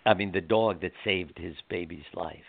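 A man's voice: low voice, normal speed, gravelly, crowd noise. Older man telling stories over a phone. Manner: rambling, animated storyteller with restarts. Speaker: guest author. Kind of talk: storytelling interview. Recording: tinny phone line.

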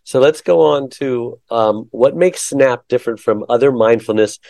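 A man hosts a casual interview, telling a story in a chatty, halting way with plenty of fillers. His voice is mellow and warm at a middle pitch, recorded close and dry with no room sound. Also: creaky, no room sound. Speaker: interview host.

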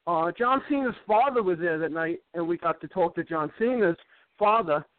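Man, high voice, rambling storyteller who stammers and repeats words, on a dry, tinny phone-quality line. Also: animated, normal speed, no room sound. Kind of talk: casual chat.

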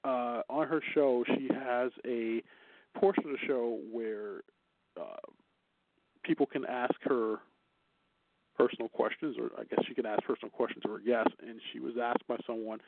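A man's voice: medium pitch, fairly even intonation, moderate pace, creaky, no room sound. A man co-hosting a casual news chat show, chatty and teasing, laughing often. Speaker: co-host. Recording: dry, tinny phone-like line.

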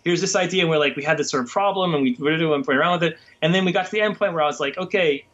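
Halting, rambling man on a lo-fi line. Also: fairly high pitch, a bit bright. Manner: rambling, halting with many restarts. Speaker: guest comics writer. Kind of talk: casual interview chat. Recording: dull lo-fi sound.

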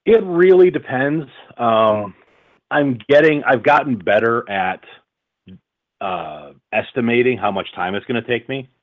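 Unhurried and animated, a medium-pitched man who does voice-over and audiobook narration chats casually in an interview, stumbling into fillers and restarts. The line is tinny and phone-like.

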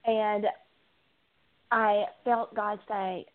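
A woman guest speaks earnestly and from the heart about her recovery. Her voice sits at an ordinary middle pitch, and she often pauses on filler ums. The sound is thin and narrow, like a phone line. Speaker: guest, addiction recovery coach. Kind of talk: personal testimony in an interview.

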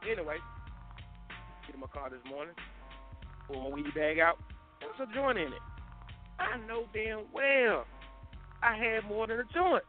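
Man, call-in show host, rambling slangy storytelling, fairly high voice, phone-line sound, faint music. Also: very animated, normal speed, long pauses. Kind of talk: casual call-in chat.

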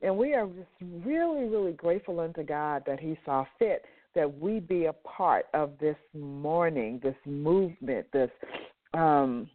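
Woman, nasal, congested, faith radio host, fervent, lowish voice, tinny phone line. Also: a little slow. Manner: fervent, repeats words for emphasis. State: congested sinuses. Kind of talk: faith talk radio hosting.

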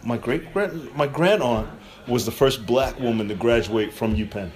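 A man's voice: medium pitch, moderate pace, a loud crowd. A man from the Bronx hosting a podcast, cracking profane jokes and laughing a lot while teasing his guests. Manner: teasing, crude, laughs often. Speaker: podcast host. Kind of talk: loose, profane comedy banter.

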